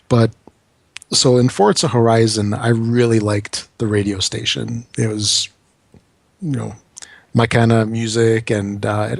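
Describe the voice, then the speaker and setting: A man's voice: fairly low pitch, creaky, no echo. A man co-hosting a casual games podcast, laid-back with dry quips. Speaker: podcast co-host.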